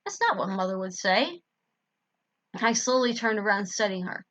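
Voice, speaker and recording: A woman's voice: mid-range voice, normal speed, bright, forceful tone, no room sound, lo-fi sound. Woman reading fan fiction aloud, self-correcting. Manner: stops to correct her misreadings. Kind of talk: amateur story reading.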